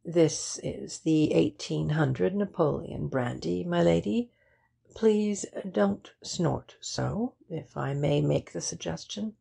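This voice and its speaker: A woman playing an unflappable male butler, proper and deferential in every phrase. The delivery is slow and low, with a husky, creaky texture. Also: warm tone, full character voice. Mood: composed.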